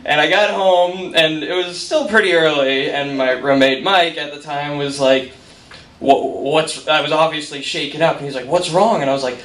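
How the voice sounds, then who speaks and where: A man's voice: on the high side, moderate pace, a bit bright. Wry man telling a story in a bar. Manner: self-deprecating, wry, quotes people in voices. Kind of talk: live stand-up storytelling. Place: bar stage with live audience. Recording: roomy, distant mic, noisy bar. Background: audience laughter.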